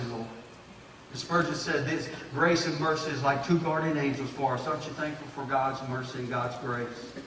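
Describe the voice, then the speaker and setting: Preacher in an echoey church. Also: male voice, a little high, fairly bright tone, a little hiss or hum. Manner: preaching, rising to emphatic bursts and slowing to draw out verses. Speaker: pastor. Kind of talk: sermon. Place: church sanctuary. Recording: echoey church hall, distant mic.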